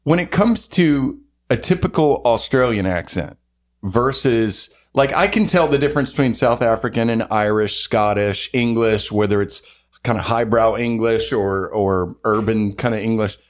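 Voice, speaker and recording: A man's voice: lowish voice, normal speed. A man co-hosting a podcast in casual chat, jokey and rambling, laughing a lot. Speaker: podcast co-host.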